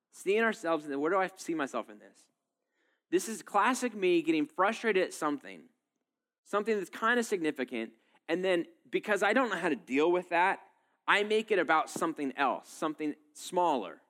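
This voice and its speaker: A man in his thirties preaching a sermon in a casual, animated way, full of fillers and asides. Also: sits high, normal speed. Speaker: pastor.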